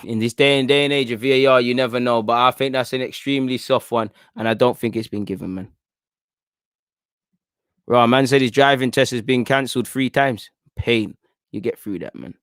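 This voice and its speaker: A man's voice: medium pitch, brisk, clean tone, no echo, clean studio sound. A young man giving live, chatty fan commentary on a football match, pleading with players and the referee as play goes on. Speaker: host of a football watchalong stream.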